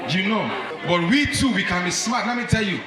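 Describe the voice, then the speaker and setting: A man doing stand-up, telling a story in an animated way and speaking straight to the men in the audience. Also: high-pitched, brisk. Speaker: stand-up comedian. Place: comedy club stage. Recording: echoey live club, from far off, crowd.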